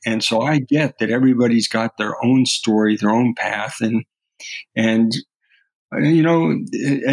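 A middle-aged man appears as a podcast guest, earnestly telling personal stories in conversation and often restarting his words. His mid-range voice is captured in a dry recording with poor audio.

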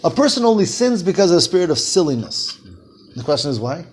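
A man's voice: a little high, big pitch swings, quick pace, husky. A man leading a text-study class, reading Hebrew phrases aloud, translating them and asking his students questions. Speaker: Torah teacher.

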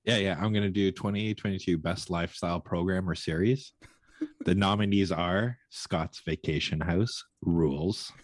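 Deep husky-voiced blunt Canadian man. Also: moderate pace, no echo, studio quality. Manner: profane, blunt, jokey. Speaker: podcast co-host. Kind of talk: casual chat.

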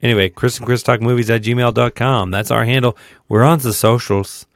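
A man co-hosting a movie podcast, rambling and conversational, talking slowly. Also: mid-range voice, fairly even intonation, no room sound, clean studio sound. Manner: talks slowly in a put-on accent. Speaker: podcast co-host. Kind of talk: casual movie chat.

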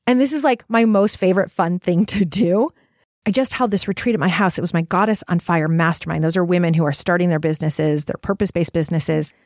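A middle-aged woman podcast host speaking in a casual, animated motivational monologue, full of fillers and swearing. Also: on the low side, a little fast, no room sound, clean studio sound. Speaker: podcast host and retreat coach. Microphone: studio microphone.

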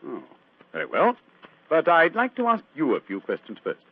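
An actor playing a sharp, cool-headed male detective in 1940s radio-drama style, with crisp, precise and dryly amused speech. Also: a little high, huge pitch swings, moderate pace, dry recording. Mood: measured. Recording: tinny old radio broadcast.

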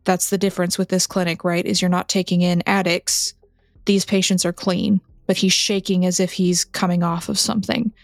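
A woman narrating a tabletop game as game master, in a measured, descriptive way. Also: fairly low pitch, little pitch movement, dry recording, faint music behind.

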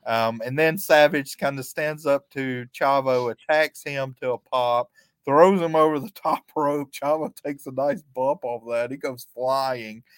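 A man co-hosting a podcast, recapping events play by play in a relaxed, chatty way and chuckling often. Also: mid-range voice, a little slow, clean tone, no room sound. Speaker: podcast co-host. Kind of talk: casual recap chat.

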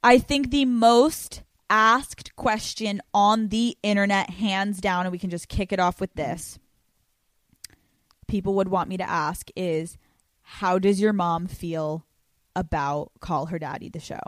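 A young woman hosting a chatty podcast, brash and loose with profanity, her energy running high. Her voice sits mid-range and sounds close and dry, with no room around it. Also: fairly even intonation, a little slow, dry recording. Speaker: podcast host. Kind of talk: casual podcast chat.

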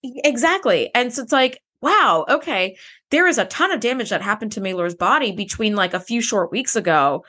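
Animated, lively-voiced woman podcast co-host. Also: a little high, moderate pace. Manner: animated, emphatic, swears freely. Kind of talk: casual recap chat.

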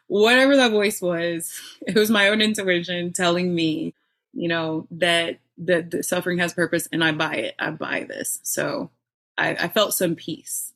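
Middle-aged woman, podcast guest, candid personal story, fairly low voice, laughs often. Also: normal speed, a bit bright.

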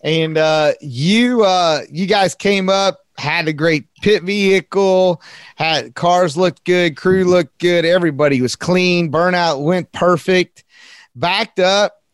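Dude hosting a chat, slow and dramatic, kinda high voice, dry sound. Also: male voice, smooth, no room sound. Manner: builds a story dramatically, drawn-out emphasis. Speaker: podcast host. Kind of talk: casual interview.

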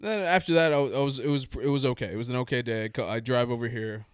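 A man's voice: mid-range voice, steady tone, fast, clean tone, no echo, studio quality. A man hosting a podcast, telling a long casual story in a rambling, self-mocking way. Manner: rambling, self-mocking, laughs through his own story.

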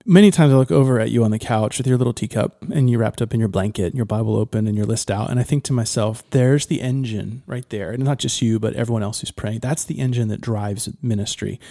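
Playful man with a mellow voice. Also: fairly low pitch, fast, creaky, few pauses, no room sound, clean studio sound. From California. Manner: playful, joking, slips into preacher mode. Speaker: podcast co-host. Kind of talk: casual couples podcast chat. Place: studio.

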